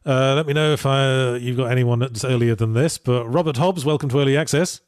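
A man's voice: medium pitch, fairly quick, a little mellow, smooth, dry recording. A man co-hosting a podcast in casual chat, dry and sardonic. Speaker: podcast co-host.

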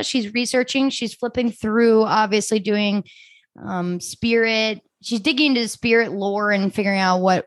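A woman's voice: fairly high pitch, no echo. A woman co-hosting a podcast in casual chat, talkative and laughing often as she acts out quotes. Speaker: podcast co-host.

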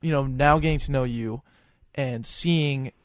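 A man's voice: medium pitch, unhurried, no room sound. A man hosting and producing a podcast, easygoing and agreeable, thinking aloud with fillers. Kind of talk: casual podcast conversation.

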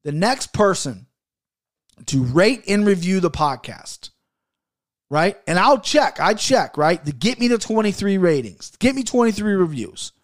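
A man's voice: sits high, sing-song, unhurried. Blunt, profane man hosting a podcast. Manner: blunt, profane and rambling, with restarts; gets fired up, pushing listeners hard. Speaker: podcast host. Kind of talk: solo podcast monologue.

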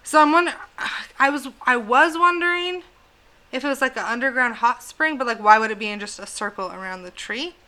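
Bright-voiced chatty woman. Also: high voice, a little fast. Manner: chatty, swears freely, laughs often. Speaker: podcast host telling a legend. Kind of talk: casual chat.

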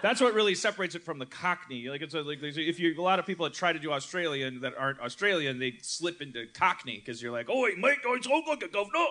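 A man's voice: fairly high pitch, fast, hardly any pauses, pushed and bright. A man hosting a live comedy podcast, rambling and self-mocking, often laughing, on a noisy live stage. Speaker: host. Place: live stage in a hut venue.

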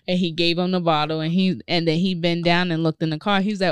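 A woman's voice: lowish voice, fairly quick, hardly any pauses, clean tone, no room sound, studio quality. A young woman hosting a podcast, telling a casual story with lots of slang and acted-out quotes. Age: young adult. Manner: animated storyteller, acts out quotes, profane slang. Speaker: podcast host.

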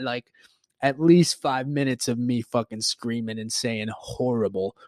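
A man in his twenties hosting a podcast, telling a story in a rambling, profane, animated way. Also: fairly high pitch, no room sound, clean studio sound. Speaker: podcast host. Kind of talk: casual storytelling monologue.

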